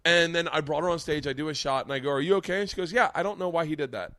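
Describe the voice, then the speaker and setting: A man's voice: fairly high pitch, racing, no room sound. A man swaps comedy-club stories in loose podcast chat. He swears a lot and acts out the hecklers and crowd members in his stories. The sound is dry and close. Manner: animated, profane storyteller who acts out the people in his stories. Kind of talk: casual storytelling chat.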